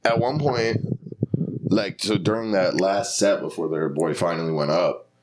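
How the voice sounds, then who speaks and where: A man telling casual podcast stories, animated, acting out other people's lines in shifting voices. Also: low-pitched, normal speed, noisy background. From Philadelphia. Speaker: stand-up comedian.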